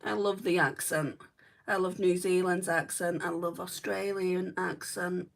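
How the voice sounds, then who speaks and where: A woman's voice: on the low side, fairly even intonation, unhurried, vocal fry. Chatty northern English woman, mic a bit far. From northwest England. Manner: chatty, rambling, fillers like "right" and "like". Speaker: beauty vlogger. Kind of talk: casual livestream chat while doing makeup.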